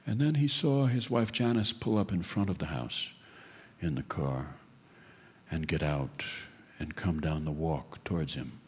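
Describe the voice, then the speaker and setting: A man telling a wry, deadpan story in an unhurried live storytelling monologue. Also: a bass voice, slightly rough. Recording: long reverb of a live hall.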